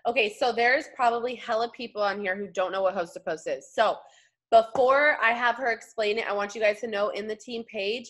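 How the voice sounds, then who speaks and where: A woman's voice: mid-range voice, a bit bright. A young woman leading a casual coaching chat, upbeat and slangy. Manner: chatty, upbeat, slangy, puts on voices when quoting. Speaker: team leader hosting a call.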